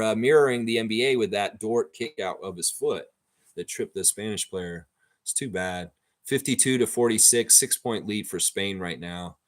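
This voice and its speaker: A man hosting a livestream watchalong, giving live reaction commentary on a basketball game in an opinionated, excitable way and openly rooting for his team. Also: on the low side.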